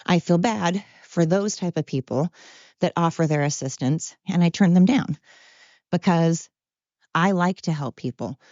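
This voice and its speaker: Woman podcast host, low voice, blunt rambling monologue, dull dry recording. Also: a little mellow, dry recording. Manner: rambling, blunt and self-deprecating. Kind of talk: candid monologue.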